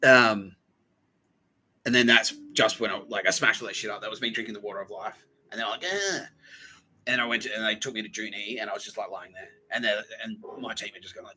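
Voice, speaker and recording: A man's voice: on the low side, brisk, bright, forceful tone, a little hiss or hum, low-quality recording. A man telling a rambling personal story, laughing often, swearing freely and acting out quotes. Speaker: podcast host.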